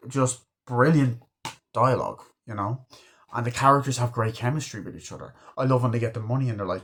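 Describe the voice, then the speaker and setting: A man's voice: medium pitch, a little fast, fairly bright tone, a little hiss or hum. A man giving a casual film review. He swears freely, rambles and acts out quoted lines in put-on voices.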